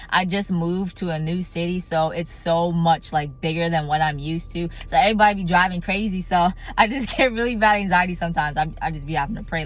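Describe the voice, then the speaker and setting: A young adult woman telling a casual storytime vlog, animated and laughing often. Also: lowish voice. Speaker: vlogger.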